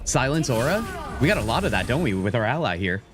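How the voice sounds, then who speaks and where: A man's voice: mid-range voice, big pitch swings, quick pace, over music. A man streaming a game live, chatting playfully with his viewers as he plays. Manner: playful, chatty, talks straight to his chat. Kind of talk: live-stream gameplay commentary.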